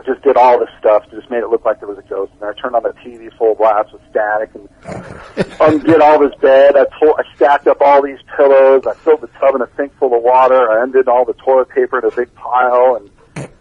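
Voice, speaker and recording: A man giving a casual interview as a band's bassist, telling stories with a laid-back manner and frequent laughs. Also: little pitch movement, brisk, breathy edge, no room sound. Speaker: band bassist, interview guest. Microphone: phone line. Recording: dull lo-fi phone call.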